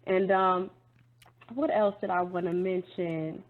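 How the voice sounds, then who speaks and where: A woman talking earnestly in a casual online commentary chat, conversational and steady, now and then rising into animated asides. Her voice comes through a tinny, phone-like line. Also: lowish voice, slow pace.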